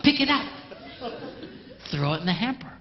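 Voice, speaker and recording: High, lively man joking to a hall. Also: normal speed, crowd noise, noisy background. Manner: playful and animated, mimics a bell sound. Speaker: speaker addressing an audience. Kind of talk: humorous live talk to an audience. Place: large hall with a live audience. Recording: dull, roomy hall recording.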